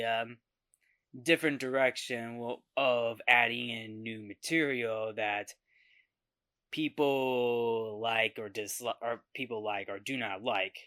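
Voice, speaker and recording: A man in his twenties hosting a casual film review, talking in a halting way with many restarts and repeated words. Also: medium pitch, bright, forceful tone, clean tone. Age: 20s.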